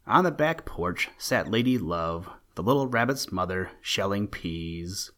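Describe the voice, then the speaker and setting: A man narrating an old-fashioned children's storybook in a gentle storytelling manner. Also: low-pitched, lively intonation, unhurried.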